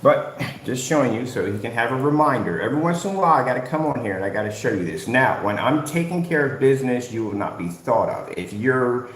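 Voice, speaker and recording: A man's voice: mid-range voice, expressive, brisk. Confrontational man ranting in an echoey room. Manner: confrontational, lecturing, repeats "at the end of the day". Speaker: business owner ranting at rivals. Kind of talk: livestream rant. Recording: roomy echo.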